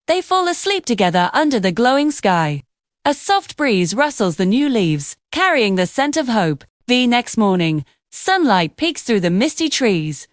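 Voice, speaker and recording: Expressive woman storyteller, lively pitch. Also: unhurried, dry recording, clean studio sound. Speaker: narrator. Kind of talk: children's story narration.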